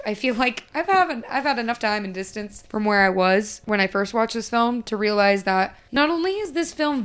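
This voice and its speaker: A woman with a smooth, clean, fairly high voice chats casually on a podcast. She recaps with lively sarcasm, swears freely and drops into quick impressions of the characters. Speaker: podcast host. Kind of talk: casual chat, recapping a film.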